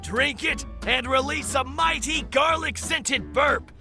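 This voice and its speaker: A man voicing a theatrical game announcer who pitches a potent beer in a grand sales manner. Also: slow pace, creaky, bright, forceful tone, soft background music, full character voice. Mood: grandiose.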